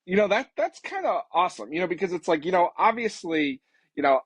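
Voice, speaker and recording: High-pitched with big pitch swings, this man speaks fairly quickly with a breathy edge and no room sound. A podcast host in his late 30s, he chats casually with a guest, rambling loosely, using plenty of fillers and cursing mildly.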